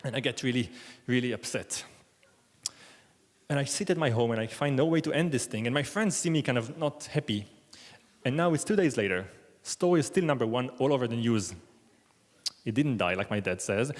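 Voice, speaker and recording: A man's voice: medium pitch, animated, brisk. A man telling a wry, self-deprecating story live on a theater stage, acting out the people he quotes. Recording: long hall reverb.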